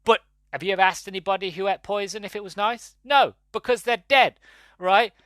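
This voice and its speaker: A man's voice: high-pitched, brisk, fairly bright tone, no echo. Guy doing a chatty solo movie review podcast, rambly and exasperated, dry close sound. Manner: rambling, exasperated, laughing asides. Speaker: podcast host.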